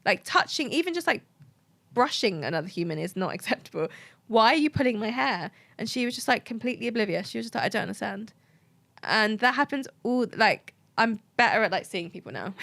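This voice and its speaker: A woman's voice: fairly high pitch, very animated, brisk, creaky, fairly bright tone, dry recording. A woman, a guest telling personal stories in casual conversation, her talk full of "like" fillers. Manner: chatty, heavy use of "like" fillers. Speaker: guest, agency founder.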